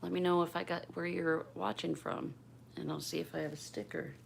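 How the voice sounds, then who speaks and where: Older grandma from pennsylvania, low gravelly voice, chatty live stream at home, faint hiss behind. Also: female voice, level tone, fairly quick. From Bristol, Pennsylvania. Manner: chatty, addresses viewers by name; keeps her voice down. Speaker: livestream host. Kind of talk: casual livestream chat with viewers. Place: home room.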